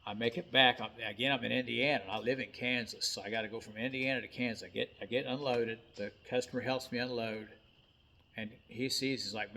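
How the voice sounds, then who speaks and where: A man's voice: on the low side, steady tone, brisk, sharp tone, a little hiss or hum. A man of about fifty, a truck driver, telling a personal story in a blunt, folksy way with some mild cursing.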